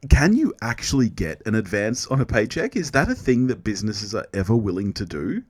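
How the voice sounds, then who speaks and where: Brisk and very animated, a man with a fairly low, slightly mellow voice co-hosts a podcast with no room sound. He keeps the casual conversation light, cracking jokes, laughing a lot, and making fun of himself.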